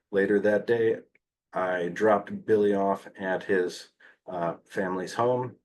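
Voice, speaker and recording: A man's voice: deep voice, a little hiss or hum. A man presenting a training session on behavior analysis, talking conversationally with hesitant fillers and light humor.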